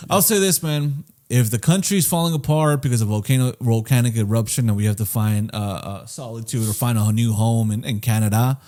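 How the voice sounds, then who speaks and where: A man in the middle of a relaxed comedy podcast, chatting at an ordinary pitch. He jokes loosely and swears freely as he spins out daydreams with a friend. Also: fairly quick, few pauses. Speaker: podcast co-host. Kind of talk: casual comedic chat.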